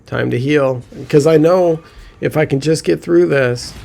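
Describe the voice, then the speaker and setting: A man giving casual gameplay commentary, excitable, often laughing and swearing when he gets frustrated. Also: on the high side, unhurried, gravelly. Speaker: gaming commentator.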